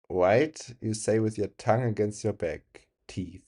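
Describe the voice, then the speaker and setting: German-accented guy streamer, low mellow voice, laughs a lot while reading chat. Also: lively intonation, normal speed, hardly any pauses, husky. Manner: chatty, reads chat aloud, laughs often. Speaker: game streamer.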